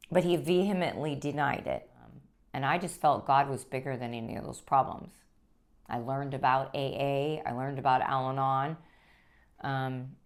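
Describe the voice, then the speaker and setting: A woman sharing her personal story as a guest, speaking earnestly and haltingly, with frequent restarts. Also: extremely low pitch. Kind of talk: personal testimony.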